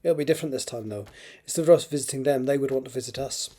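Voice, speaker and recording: A man's voice: medium pitch, racing, mellow, lightly acted. A man doing an earnest young Scotsman. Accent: Scottish (put on). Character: young Scottish man, plain-spoken and earnest.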